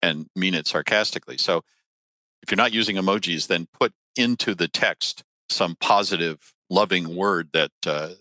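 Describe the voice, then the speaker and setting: A man speaking as a guest expert, explaining body language and giving practical advice in a measured way. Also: low-pitched, pushed and bright, no room sound. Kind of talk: explanatory interview talk.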